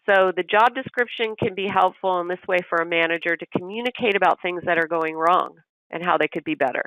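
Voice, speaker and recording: Walking through examples one step at a time, a business systems trainer in a recorded session acts out snippets of manager dialogue in quotes. The mid-range voice is clear and resonant with vocal fry, and the audio is dull but echo-free.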